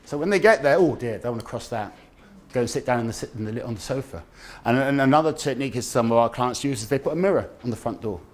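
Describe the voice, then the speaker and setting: A middle-aged man giving a lively talk on dementia care, acting out the people in his stories. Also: mid-range voice, quick pace. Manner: animated storyteller, acts out quoted voices. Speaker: dementia awareness speaker. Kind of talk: lively public health talk. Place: community event room.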